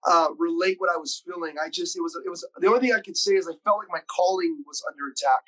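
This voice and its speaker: High-voiced man telling an earnest story. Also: a bit bright, low-quality recording. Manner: earnest, emotional, quick bursts when recounting. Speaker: podcast host and school preacher. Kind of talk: personal storytelling in conversation.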